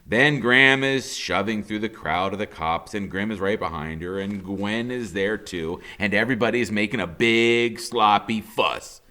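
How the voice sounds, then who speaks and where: A man's voice: lowish voice, normal speed, few pauses, sharp tone. A man, a teacher, reading a novel aloud with dramatic storytelling that rises with the action. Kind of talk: novel read-aloud narration.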